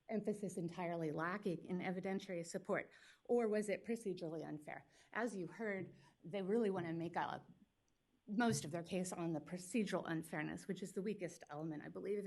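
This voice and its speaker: A woman attorney speaking for a school district, giving a formal legal argument at a public hearing in a quick, pointed, argumentative way. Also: lowish voice, darkish tone. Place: public meeting hearing room.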